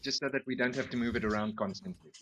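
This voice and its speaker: A man's voice: medium pitch, quick pace, slight background noise, low-quality recording. A man playing a tabletop game, rambling and restarting as he explains the rules. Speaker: player. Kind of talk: casual tabletop game chat.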